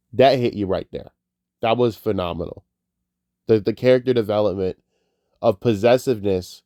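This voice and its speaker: A man's voice: on the low side, dark tone, no room sound, studio quality. A man giving a casual, rambling movie review, emotional and tearful, swearing freely as he talks. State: tearful, crying.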